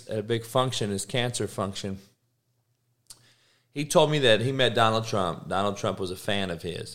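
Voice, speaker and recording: A man hosting a podcast, ranting casually with heavy swearing, rambling tangents and loud bursts of disbelief. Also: fairly low pitch. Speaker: podcast host. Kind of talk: casual sports podcast rant.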